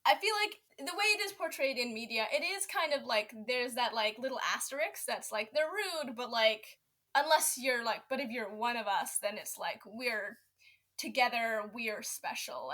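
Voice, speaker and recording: A woman's voice: on the high side, expressive, normal speed, bright, forceful tone. A woman from Canada co-hosting a casual podcast chat, filling her speech with "like" and trailing asides. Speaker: podcast co-host.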